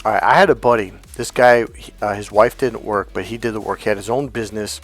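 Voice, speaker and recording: A man's voice: on the low side, fairly even intonation, quick pace, soft background music. A man giving a casual, blunt lecture as a dating coach, swearing freely and telling anecdotes. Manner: blunt, profane, emphatic.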